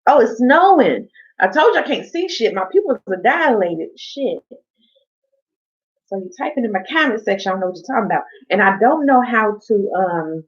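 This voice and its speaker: A woman's voice: medium pitch, very animated, a little fast, husky. A woman hosting a casual live stream from home, rambling, chatting to viewers and swearing casually. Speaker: livestream host. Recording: dull lo-fi stream audio.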